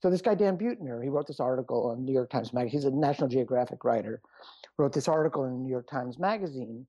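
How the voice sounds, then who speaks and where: A man's voice: mid-range voice, lively intonation, fast, mellow, dry recording. A middle-aged man, a doctor and author, chatting as a guest in a rambling, self-deprecating way. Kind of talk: casual interview chat. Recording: muffled lo-fi sound.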